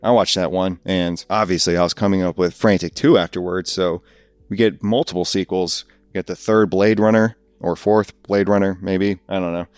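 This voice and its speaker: A man's voice: low-pitched, fairly even intonation, moderate pace, smooth, no room sound. A man hosting a podcast, rambling through a comedic monologue and laughing at his own jokes. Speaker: podcast host.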